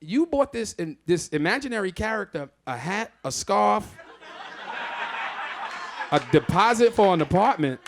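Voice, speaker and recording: Lively, high-voiced stand-up comedian man. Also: a little slow, long pauses, background noise. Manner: loud, exclamatory, profane storytelling. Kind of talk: live stand-up set. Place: theatre stage.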